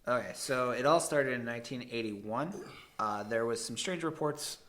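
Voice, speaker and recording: A man from the American Midwest co-hosting a podcast, telling a story in a rambling, halting way and laughing easily. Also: mid-range voice, fairly bright tone. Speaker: podcast co-host. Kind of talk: casual chat.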